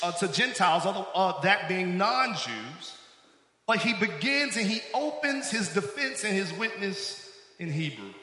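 In an echoey church sanctuary with long reverb, a man preaches as pastor, calling out for responses from the congregation. His voice sits high, sounding bright and forceful.

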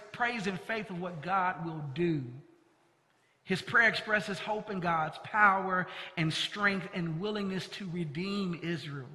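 A male pastor with a fairly high, very bright and forceful voice, preaching earnestly and stressing key words. His voice rings out with a long reverb in a church sanctuary. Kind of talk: sermon. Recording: long reverb of a large hall.

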